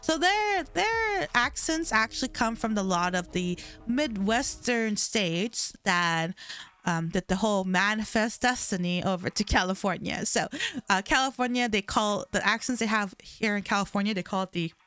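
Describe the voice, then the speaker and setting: Rambling young woman streamer, smooth voice. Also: mid-range voice, moderate pace, a bit bright, no room sound. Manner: rambling, chatty, heavy on "like" fillers. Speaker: livestreamer reading chat. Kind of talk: casual chat.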